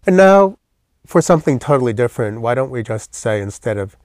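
A man's voice: medium pitch, lively intonation, moderate pace, darkish tone, no room sound, clean studio sound. A man teaching a classroom language lesson, patiently explaining step by step with memory aids.

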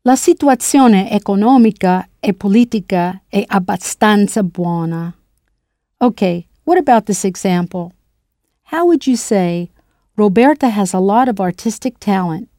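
A woman narrating a scripted language lesson in a clear, playful way, spelling words out letter by letter. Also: medium pitch, expressive, a little slow, warm tone, no echo, studio quality. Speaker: language teacher.

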